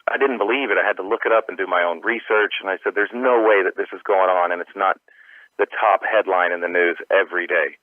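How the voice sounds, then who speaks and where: A man's voice: deep voice, no echo. A male comedian calling in by phone, slightly out of breath, speaking earnestly and from the heart. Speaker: comedian guest. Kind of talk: phone interview. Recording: tinny phone line.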